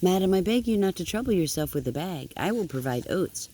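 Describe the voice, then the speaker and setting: An older woman voicing a sly, polite male fox gentleman in a storybook read-aloud, speaking with smooth courtesy. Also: fairly low pitch, animated, a little fast. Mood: courteous.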